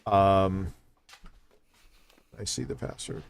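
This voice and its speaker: A man's voice: low voice, slow pace, vocal fry, a little hiss or hum. A man hosting a casual livestream, swearing and ranting in exasperation at a device. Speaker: streamer host.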